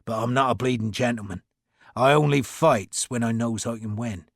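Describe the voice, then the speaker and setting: A man's voice: medium pitch, normal speed, creaky, no room sound, clean studio sound. A man doing a coarse bruiser. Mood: gruff, earnest. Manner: coarse, earnest, threatening. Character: rough, blunt London servant and brawler, man.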